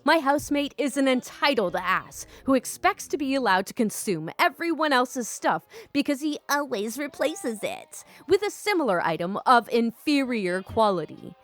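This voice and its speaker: A young woman reads internet stories aloud and chats about them as a storytime host. Her voice is fairly high and very lively, with a giggly, casual manner and some swearing. Faint music runs under her voice. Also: moderate pace, few pauses. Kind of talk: reading online stories with commentary. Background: faint background music.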